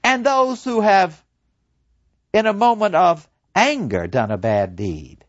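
A man's voice: sits high, big pitch swings, takes it slowly, no room sound, dull audio, pitched above the performer's own voice, exaggerated voice. Man doing Socrates, a serene old philosopher. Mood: earnest. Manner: earnest, preaching, acts out voices of souls. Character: serene old male philosopher awaiting execution. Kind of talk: dramatic storytelling.

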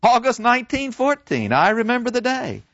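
A man giving an animated lecture, retelling a novel and acting out the characters' dialogue with dramatic flair. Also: extremely high pitch, moderate pace, no echo. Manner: dramatic storyteller who acts out the characters' dialogue. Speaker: literature lecturer. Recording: dull, dry lo-fi recording.

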